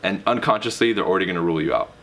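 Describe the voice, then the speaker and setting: Emphatic deep-voiced male sales coach. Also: rapid-fire, a bit bright, a little hiss or hum. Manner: emphatic, swings pitch for emphasis; direct, casual with mild swearing. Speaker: real estate sales coach. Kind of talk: motivational teaching monologue.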